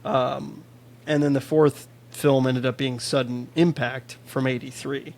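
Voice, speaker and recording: A man's voice: mid-range voice, level tone, a little slow, vocal fry, a little mellow. A man from Chicago co-hosting a podcast, chatting casually about a film, swearing freely and reading out trivia. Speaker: podcast co-host. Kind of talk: casual film review chat.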